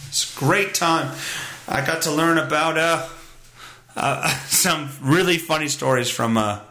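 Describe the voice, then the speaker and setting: A young man rambles casually through a solo episode of his own podcast, profane and self-mocking. His voice sits on the high side, bright and forceful, and he takes his time.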